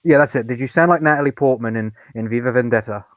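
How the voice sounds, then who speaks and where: A British man chatting casually as a guest, blunt and quick to laugh. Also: mid-range voice, dry recording. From United Kingdom. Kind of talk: casual chat.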